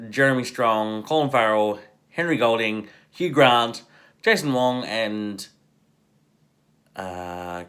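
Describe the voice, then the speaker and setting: A man hosting a casual movie review video, chatty and enthusiastic with halting pauses. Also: on the low side, fairly bright tone.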